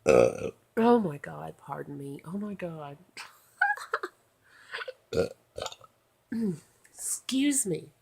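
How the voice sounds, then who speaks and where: A woman's voice: deep voice, sing-song, very slow, vocal fry, pauses often, dark tone, slightly rough. A tired woman, rambling sleepily to her vlog camera at night and drifting into whispers. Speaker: vlogger. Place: at home in bed at night.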